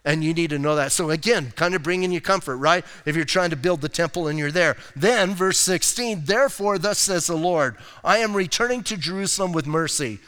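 A male pastor with a fairly high, smooth and resonant voice delivers a sermon in an easygoing, chatty manner, dropping in slangy asides. The sound carries a long reverb, as in a church hall. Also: brisk, hardly any pauses, a bit bright. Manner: casual, conversational preaching with slang asides. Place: church sanctuary.

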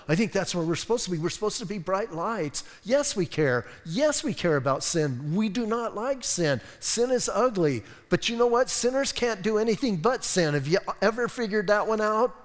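A male pastor with a fairly high voice, preaching in an animated, conversational way. His words ring through a church hall with a long reverb. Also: fairly quick, hardly any pauses. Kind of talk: sermon. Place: church sanctuary.

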